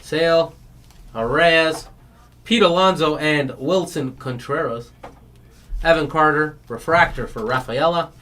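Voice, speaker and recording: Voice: medium pitch, a little slow, fairly bright tone. Chatty card break host who rambles and laughs, then rattles off player names, mid-range voice. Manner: laughs at its own stories. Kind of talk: casual chat while opening card packs on a stream.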